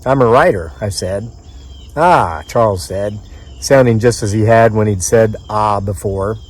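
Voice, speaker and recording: A man from the mid-Atlantic United States reads his own story aloud outdoors in the woods, with a dry, conversational storyteller's manner and offhand asides. His voice is on the low side and measured in pace.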